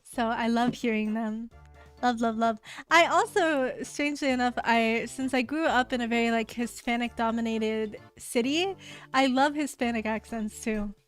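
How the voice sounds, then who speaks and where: A woman's voice: on the high side, normal speed, smooth, soft background music. An American woman streaming, chatting casually with her viewers in a rambling way, full of fillers. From United States.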